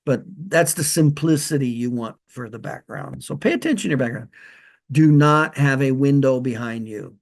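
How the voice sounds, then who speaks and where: A man's voice: mid-range voice, moderate pace, creaky. A man who is a practice consultant, giving loose spoken training with direct instructions and frequent restarts. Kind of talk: casual spoken training video. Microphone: holds a lavalier like a handheld mic.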